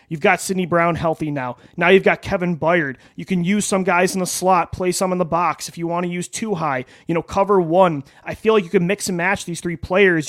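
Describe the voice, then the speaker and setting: A man co-hosting a sports podcast, reading an ad and then giving upbeat, quick analysis. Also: sits high, no room sound. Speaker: podcast co-host. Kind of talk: sports podcast chat and ad read.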